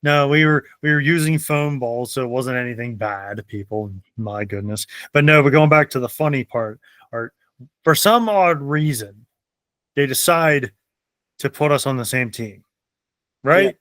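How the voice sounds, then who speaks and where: Young guy hosting a chat show, laughs a lot, dead dry mic, regular pitch. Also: unhurried, a bit bright, no room sound. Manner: laughs often while telling stories. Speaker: podcast host. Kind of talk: casual chat.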